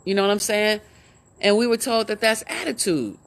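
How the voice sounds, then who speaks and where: A woman hosting a relaxed chat. She muses aloud, animated, leaning on hums and "you know" between her ideas. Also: mid-range voice, moderate pace. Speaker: host. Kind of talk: casual chat.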